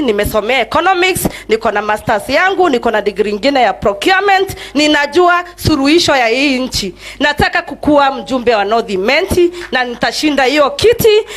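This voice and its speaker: A woman's voice: high-pitched, a bit bright. A Kenyan woman giving an impassioned campaign speech at a political rally as a candidate for office. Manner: impassioned, mixing English and Swahili. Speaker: political aspirant.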